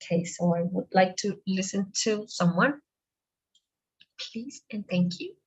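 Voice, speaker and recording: Slow, patient woman teaching a language. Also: medium pitch, breathy edge. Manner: slow, patient explanations mixing two languages. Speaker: Spanish teacher. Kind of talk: online language class. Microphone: video call. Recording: muffled lo-fi video call audio.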